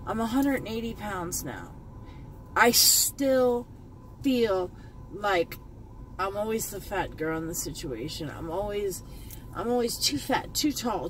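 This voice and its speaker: A woman's voice: mid-range voice, slight background noise, rough recording. A woman beauty vlogger talking in a heartfelt, rambling way from her car, choked up at times and repeating herself. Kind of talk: emotional commentary vlog. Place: in a parked car.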